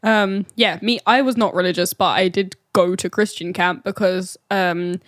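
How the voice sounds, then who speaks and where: A woman's voice: medium pitch, steady tone, normal speed, a bit bright, no echo, studio quality. A woman co-hosting a podcast in casual chat, telling stories with lots of laughter and swearing. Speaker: podcast co-host.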